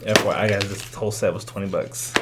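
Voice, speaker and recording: A man's voice: fairly low pitch, fairly even intonation, fast, very noisy. A man hosting a podcast in casual chat, loose and laughing, swearing freely. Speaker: podcast host.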